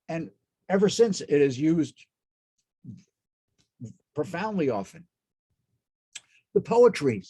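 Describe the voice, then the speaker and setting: A man's voice: sits high, darkish tone. A man lecturing as a cantor in an informal talk, enthusiastic and often restarting his sentences. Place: synagogue hall.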